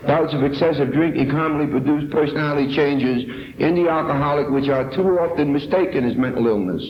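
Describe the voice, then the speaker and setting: An emphatic man from New York gives a deliberate personal testimony at a recovery meeting, his voice sitting a little high. The old tape sounds dull and carries a roomy echo. A faint hiss sits underneath. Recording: echoey, dull 1970s tape recording.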